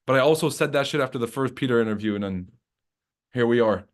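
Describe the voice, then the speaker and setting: A man hosting a live trading stream rants casually with heavy profanity, mocking things and laughing at his own jokes before moving into market commentary. His voice is medium-pitched and quick.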